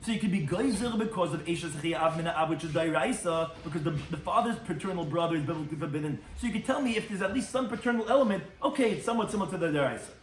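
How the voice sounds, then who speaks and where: A man's voice: a little high, animated, very fast, hardly any pauses, reverberant, recorded from a distance, a little hiss or hum. A man, a rabbi, giving a Talmud lecture and translating Hebrew and Aramaic terms as he goes. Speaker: rabbi teaching a daily Talmud class.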